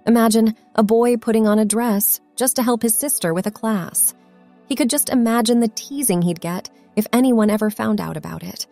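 A woman narrating a scripted story in an expressive reading voice. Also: fairly high pitch, moderate pace, gravelly. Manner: expressive, acts out the characters' lines. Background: faint background music.

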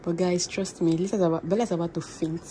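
A woman's voice: on the low side, fast talker, a little hiss or hum. Chatty woman vlogger. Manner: chatty, laughing, animated. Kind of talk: casual vlog chat.

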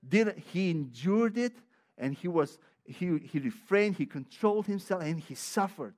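A man with a notably high voice delivers a sermon as a pastor. He leans hard on repeated words and restarts his sentences as he presses each point. He also drops into chatty personal asides. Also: animated, measured pace, darkish tone. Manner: emphatic and repetitive, with frequent restarts; conversational, personal asides with light laughter.

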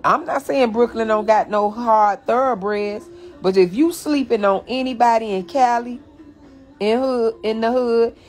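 A woman's voice: a little high, unhurried, darkish tone, faint music behind. Woman host, phone live stream, profane mocking rant to viewers. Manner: profane, blunt and mocking, addressing viewers as y'all. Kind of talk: ranting commentary to viewers.

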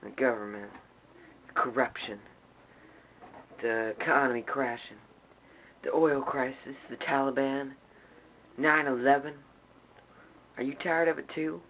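A man's voice: medium pitch, a bit bright, slight background noise, poor audio. A man playing a fed-up, angry version of himself who rants with a lot of swearing. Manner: grumbling, profane ranting. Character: fed-up angry young male ranter.

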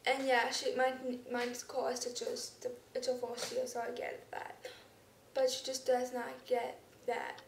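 Talking casually to her camera, this young vlogger has a highish, gravelly voice that moves little in pitch and runs a little slow. She rambles, full of ums and restarts, not always clear, while the echoey room, distant mic and faint background noise color the sound.

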